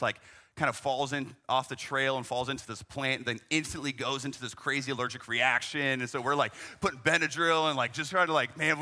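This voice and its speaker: A man's voice: mid-range voice, pushed and bright. A young man, a youth ministry leader, telling a travel story in a conversational way, full of "man" and "right?" asides. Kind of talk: storytelling talk.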